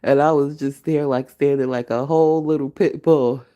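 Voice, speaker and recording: A woman podcast host, telling a story in an animated way, with laughter and profanity. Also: low voice, normal speed, dull audio. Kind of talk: storytelling, casual chat.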